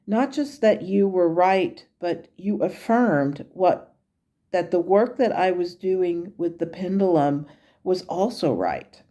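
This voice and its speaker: A woman with a low, mellow voice recounts her meditation dialogue. Her telling is candid and conversational, like casual storytelling. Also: expressive, slow pace. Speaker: meditation channel host.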